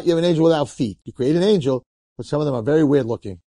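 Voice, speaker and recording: A man, a rabbi, telling a story in a sermon in an animated, colloquial way and acting out the characters. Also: fairly high pitch, rapid-fire, dry recording.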